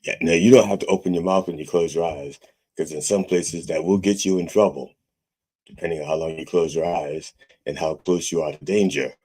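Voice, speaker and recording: A man with a deep, low-pitched voice preaches a mock sermon as a comic reverend. He rambles and swears freely between his blessings. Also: steady tone, brisk, dark tone. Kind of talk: parody sermon.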